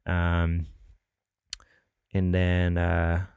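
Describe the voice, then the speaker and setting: A man's voice: deep voice, completely flat delivery, very slow, gravelly, a little mellow, smooth, no room sound, studio quality. A man hosting a casual gaming podcast, chatty and rambling, often laughing. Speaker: podcast host.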